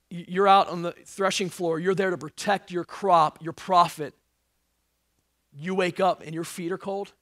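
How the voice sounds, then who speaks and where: A man preaching a sermon with a high, bright voice that moves from loud emphatic passages down to near-hushed lines. He throws in joking asides for the congregation. The sound is dry and close, with little room around it. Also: no room sound. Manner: animated, swings from loud emphasis to hushed tones. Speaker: pastor.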